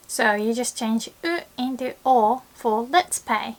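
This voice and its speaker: Young woman, teacher, measured delivery, playful laughs, bright acted-out quotes. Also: fairly high pitch. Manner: laughs often, acts out lively quoted lines. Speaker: Japanese language teacher. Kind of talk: online language lesson.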